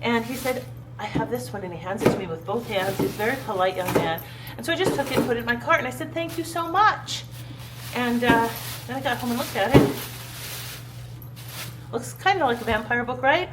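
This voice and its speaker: A woman's voice: a little high, expressive, fairly quick, very noisy. Chatty woman vlogger telling a story. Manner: chatty, rambling, many fillers and restarts. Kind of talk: casual storytelling vlog. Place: at home, indoors.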